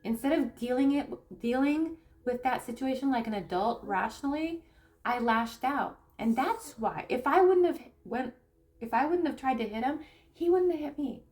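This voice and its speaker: A woman spiritual coach speaking candidly to camera in a personal teaching talk, halting and repeating phrases as she reflects. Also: sits high, lively intonation. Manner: soft, grounding, reflective. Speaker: spiritual coach and tarot reader.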